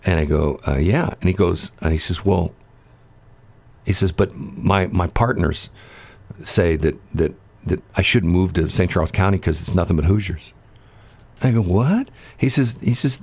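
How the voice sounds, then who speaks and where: Deep-voiced rambling radio host. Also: male voice, moderate pace, darkish tone. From St. Louis area, Missouri. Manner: rambling storyteller, laughs often. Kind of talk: casual morning radio chat.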